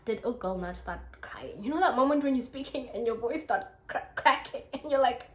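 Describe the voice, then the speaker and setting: Young South African woman, highish voice, chatty storyteller full of fillers, roomy echo. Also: fairly quick. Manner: chatty and expressive, frequent "like" fillers and laughter. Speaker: YouTuber. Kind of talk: casual storytime. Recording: echoey room.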